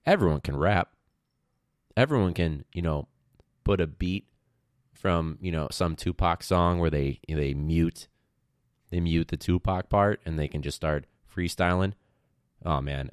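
A young man who teaches and hosts his own podcast chats solo in a relaxed, rambling way, joking about his students with slang and swearing. His voice is very low, and the sound is close and dry with no room sound at all.

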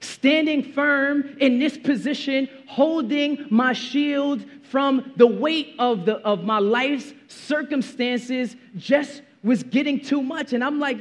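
A young male pastor with a very high voice preaches a sermon in casual slang, speaking slowly with few pauses. He's animated, now and then acting out quotes from movies.

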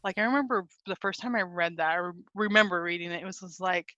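A woman guest speaking earnestly and warmly about her faith in a casual podcast chat, often saying "like". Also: on the low side, quick pace, no room sound, muffled recording. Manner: earnest, heartfelt, says "like" often. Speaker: guest author.

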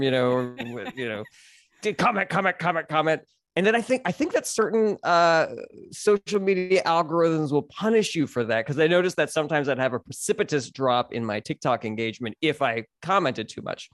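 A man with a fairly high voice tells stories on a podcast in a lively, animated way, often slipping into little character voices. The sound is dry and close, with no room around it. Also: dry recording. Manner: animated storyteller, acts out quick voices in his anecdotes. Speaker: podcast guest, comedian. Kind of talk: casual chat.

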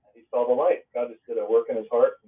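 A man's voice: medium pitch, fairly even intonation, fast talker, a little hiss or hum. A young man hosts a podcast, upbeat and joking, then turns to asking questions. His voice comes through a narrow, phone-like band. He sits back from the microphone. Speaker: podcast host and pastor. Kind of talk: casual podcast conversation. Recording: tinny phone-like line, distant from mic.

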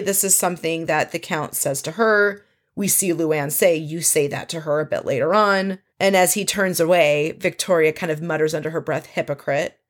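A woman casually recapping a reality show episode, chatty and full of opinionated asides. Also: lowish voice.

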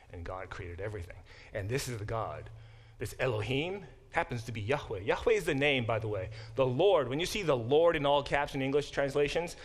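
A middle-aged man giving a classroom Bible lecture in a conversational way, explaining terms step by step. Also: mid-range voice. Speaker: Bible professor.

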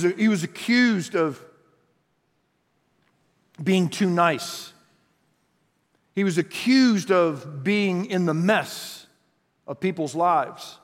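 A man's voice: high-pitched, big-room sound. A man preaching an earnest sermon, reading scripture aloud and stretching words for emphasis. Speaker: pastor.

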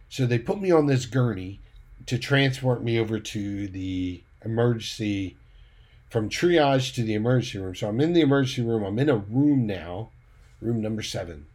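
A man's voice: medium pitch, a little mellow. A man casually recounting a personal story, retelling the dialogue in a conversational way with the odd light laugh. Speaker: church leader giving a personal update.

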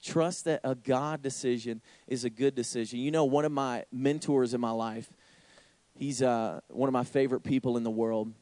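A young man preaching a sermon, telling a story with lively, sudden high exclamations. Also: moderate pace, no echo. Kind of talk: sermon with anecdote.

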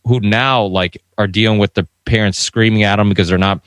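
A man's voice: fairly low pitch, steady tone, a little fast, no room sound. A man co-hosting a podcast, ranting heatedly and swearing freely, with lots of restarts as he gets worked up. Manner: talks in run-on restarts. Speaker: podcast co-host. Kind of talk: casual podcast discussion.

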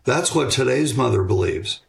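An older man answering interview questions about raising children in a measured, reflective way, pausing on fillers and restarting sentences. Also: mid-range voice, expressive, creaky. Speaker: guest author on parenting.

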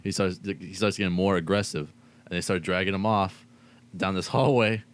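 A man's voice: low-pitched, steady tone, moderate pace. A young man in casual chat, telling an anecdote with dry jokes. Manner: dry joking, storytelling.

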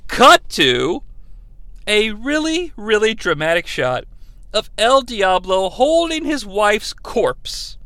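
A man's voice: high-pitched, very animated, slow, pushed and bright, dry recording. A man recapping a movie in a sarcastic comic style, acting out the characters' lines as he goes. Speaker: comedy podcast host.

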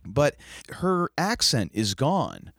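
A man co-hosting a casual podcast chat about a TV episode. He speaks in an animated way, often jumping up high in pitch. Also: slow pace, gravelly, dry recording, studio quality. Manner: animated, jumps up high for quoted lines. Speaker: podcast co-host.

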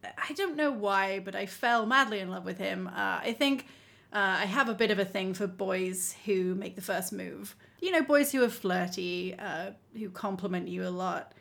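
A woman telling a story in casual chat as a podcast co-host, animated and laughing often. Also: mid-range voice, normal speed, creaky. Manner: animated, laughing often, acting out quoted lines.

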